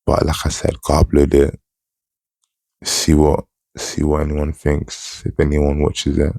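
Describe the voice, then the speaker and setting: A young man, talking casually and low-key in a monotone to camera for his own vlog. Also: measured pace, gravelly, no room sound, studio quality. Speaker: channel host. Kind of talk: casual solo vlog chat.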